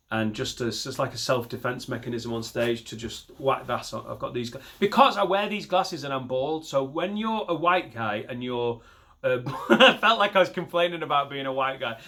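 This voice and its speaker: A man's voice: medium pitch, sharp tone. A man doing a rambling, self-deprecating and sweary stand-up set from his home garage into a laptop mic. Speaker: stand-up comedian.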